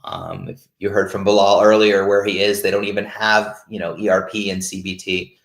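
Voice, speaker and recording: A man's voice: lowish voice, animated, moderate pace. A man hosting a peer support call who talks openly and casually, searching for words and restarting his sentences. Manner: open, searching, stops and restarts often. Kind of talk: candid casual talk. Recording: roomy echo.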